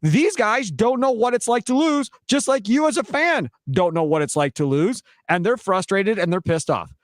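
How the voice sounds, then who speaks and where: A man co-hosting sports talk radio, explaining things to listeners in a measured way. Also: sits high, expressive, dry recording, studio quality.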